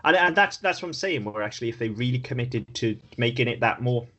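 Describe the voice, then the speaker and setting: A man co-hosting a podcast, talking in a frank, animated way and swearing casually. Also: mid-range voice, quick pace, highs cut off. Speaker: podcast co-host. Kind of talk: casual chat.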